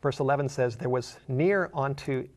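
A man's voice: mid-range voice, normal speed. A man preaching a sermon. He explains a Bible passage as a story in an earnest way and builds to emphatic questions.

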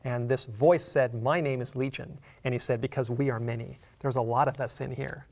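Male preacher, gravelly voice, earnest storytelling sermon, emphatic questions. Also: medium pitch, steady tone, moderate pace, a little mellow. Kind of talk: sermon, Bible exposition.

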